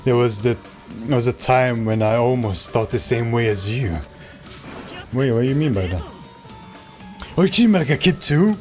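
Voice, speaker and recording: A man's voice: mid-range voice, a little mellow, soft background music, lightly acted. A man playing a commanding, self-assured young leader. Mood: stern. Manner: measured, lecturing.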